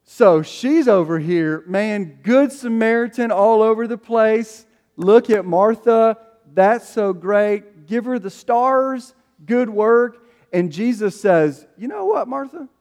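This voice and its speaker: A man preaching a sermon as a pastor, animated, acting out the voices he quotes. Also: sits high, slow pace. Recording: long hall reverb.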